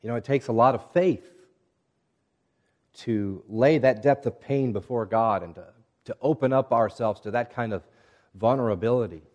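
A male pastor delivering a sermon in a measured, earnest voice. His pitch sits in the middle range, and he reads scripture aloud and slips into hushed, quiet passages. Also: highs cut off.

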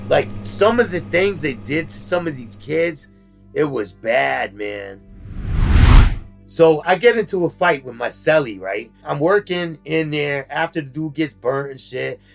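A man casually telling about his time in prison, in street slang, with animated retelling. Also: fairly high pitch, measured pace, gravelly, soft background music. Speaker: former inmate telling his story. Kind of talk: casual storytelling.

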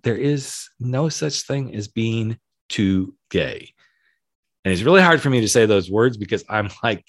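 A man's voice: fairly low pitch, no room sound, clean studio sound. A man in his forties giving a frank, emphatic self-help monologue as a podcast host, swearing casually as he talks.

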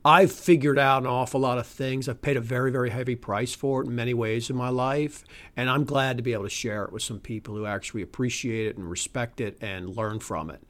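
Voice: medium pitch, fairly even intonation, brisk, hardly any pauses. A podcast host ranting alone about politics, cursing freely, scoffing and laughing, sometimes sinking into a tired murmur. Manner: heated, profane ranting; scoffing laughs and exasperated sighs. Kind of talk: solo political rant podcast.

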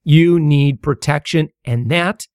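A man's voice: on the high side, slow pace, darkish tone, clear, resonant tone, dry recording, clean studio sound. A middle-aged man hosting a casual solo podcast, talking with many fillers, stammers and restarts. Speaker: podcast host.

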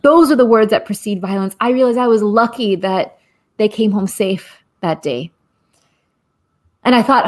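Pausing often, a woman with a medium-pitched voice speaks at normal speed while earnestly telling a personal story. She's an activist in her forties, here as a guest speaker, and her impassioned delivery repeats phrases rhythmically, with soft laughs.

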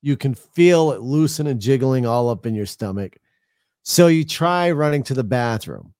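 A man's voice: mid-range voice, animated, moderate pace, darkish tone, no room sound. Brief: middle-aged New man, loose rambling podcast co-host, dry close sound. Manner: loose, rambling storytelling with frequent laughs and swearing. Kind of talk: casual chat.

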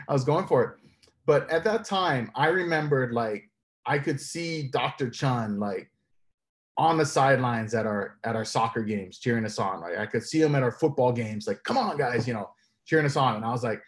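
Male interview guest, middle pitch, lively storyteller who laughs often. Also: normal speed. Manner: animated, laughs often while telling stories.

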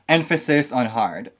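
A man speaking English as a second language, talking reflectively and softly with many fillers in a casual chat. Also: fairly high pitch, slightly rough. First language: not English. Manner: reflective, soft-spoken, with frequent fillers. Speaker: podcast guest. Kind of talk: casual chat about emotional healing.

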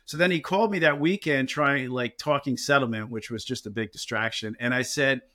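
A man with a New Jersey accent, an injury lawyer co-hosting a podcast, telling courtroom stories in casual chat with lively mimicry. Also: mid-range voice, fairly quick. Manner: storytelling, animated mimicry of opposing lawyers.

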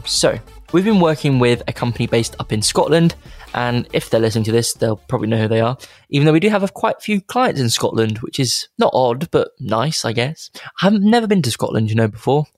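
Guy rambling happily on his podcast, bit of a gravelly edge, dry mic. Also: medium pitch, no room sound. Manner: chatty, enthusiastic, digressive. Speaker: podcast host. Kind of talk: casual podcast monologue.

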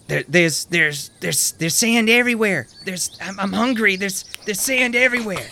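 A man voicing a wrinkly old man who mutters and stammers, repeating himself in a frantic high voice. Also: normal speed, creaky, bright, forceful tone, a little hiss or hum, exaggerated voice. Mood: distraught.

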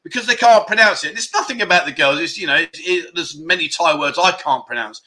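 Brisk and pitched on the high side, this fifty-something British man sounds pushed and bright. He runs a laid-back livestream chat show, joking, wandering off on tangents, and reading viewer comments aloud.

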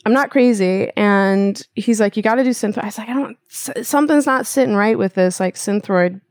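A woman's voice: medium pitch, brisk, darkish tone, no room sound. A woman guest telling a personal story and explaining with analogies in a casual interview. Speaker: acupuncturist guest.

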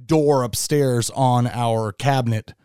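A man co-hosting a podcast in casual chat, with a relaxed, storytelling manner. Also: medium pitch, slow pace, clear, resonant tone, no echo, clean studio sound. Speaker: podcast co-host.

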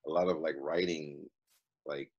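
Husky laid-back man chatting. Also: a bass voice, fairly even intonation, a little slow, dull audio. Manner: slangy, laid-back, lots of fillers. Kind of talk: casual chat. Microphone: video call.

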